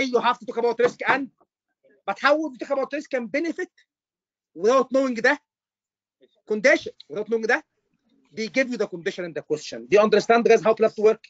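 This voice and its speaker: A male tutor with a notably high voice talks to his class over a video call. The sound is dry and a little dull. He is animated, repeats himself and keeps checking that students follow. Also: no echo. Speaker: medical exam tutor. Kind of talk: online class teaching.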